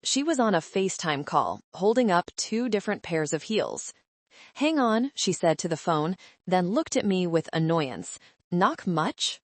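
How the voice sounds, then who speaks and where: A woman with a low voice reads a first-person story in a measured, calm manner. The recording is close and completely dry. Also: no room sound. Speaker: narrator. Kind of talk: scripted first-person narration.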